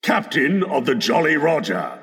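A man's voice: on the high side, very animated, a little slow, a bit bright, big-room sound, voice pushed down. A man voicing a cheeky boy who mockingly imitates a blustery pirate captain, in a storybook reading.

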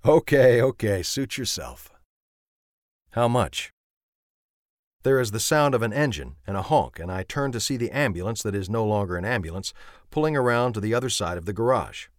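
A man narrating a first-person audiobook in a measured, understated way on a close studio mic. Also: lowish voice, animated, dry recording.

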